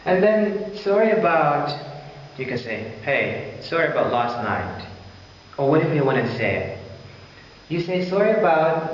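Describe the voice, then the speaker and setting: Slow-talking man teaching in an echoey room. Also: on the high side, slight background noise. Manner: repeats example phrases, addresses listeners as guys. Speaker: English teacher. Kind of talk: casual language lesson. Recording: echoey distant room, dull sound.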